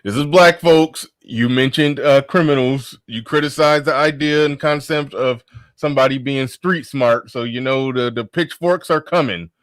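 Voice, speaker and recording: Man, livestream host, laid-back, laughs a lot, slangy, mid-pitched, dry close sound. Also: moderate pace, no echo. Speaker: show host. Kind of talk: casual livestream chat.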